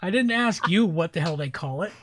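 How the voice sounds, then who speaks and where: A man's voice: sits high, lively intonation, fairly quick, fairly bright tone. A man with a Southern US accent hosting a casual podcast chat, rambling and sarcastic, often groping for words. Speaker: podcast host.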